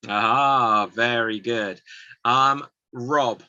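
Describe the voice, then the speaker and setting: A man hosting an online improv game, calling on players in a drawn-out, playful way over a video call. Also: medium pitch, steady tone, bright, forceful tone, no echo, muffled recording.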